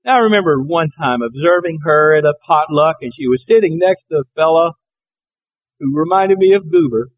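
A man's voice: a little high, brisk, muffled recording. A man from Alabama preaching a sermon, telling folksy, anecdotal stories. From Alabama, USA.

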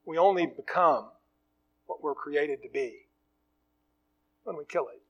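A male preacher giving a slow, earnest, emphatic sermon. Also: a little high, breathy edge, lo-fi sound. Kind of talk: sermon with story reading.

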